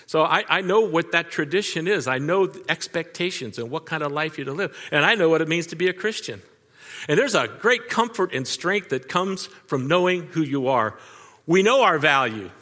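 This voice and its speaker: An older pastor gives a storytelling sermon, sharing folksy family stories conversationally and turning to the audience with asides. His fairly high voice is bright and forceful with lively intonation at a moderate pace, in a big-room sound.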